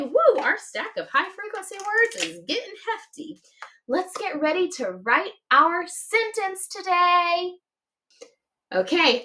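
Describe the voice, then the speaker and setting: Lively sing-song woman phonics teacher. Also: on the high side. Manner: slow, sing-song spelling out letters, cheerful praise. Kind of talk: children's reading lesson.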